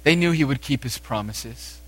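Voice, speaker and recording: A man preaching a sermon, speaking with emphasis and moving between raised exhortation and quiet, intense passages. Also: medium pitch, lively intonation, moderate pace.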